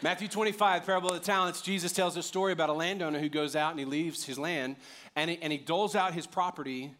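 This pastor, in his thirties, talks fast in a fairly high voice, preaching a lively, joke-filled sermon that swells to loud, emphatic peaks.

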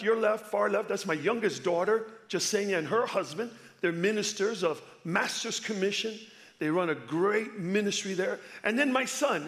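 A man in his fifties from Chicago preaching a sermon as a visiting pastor. His voice sits high for a man, and he keeps it lively and playful, urging the congregation to answer him. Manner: energetic, playful, calls for audience response. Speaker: guest pastor.

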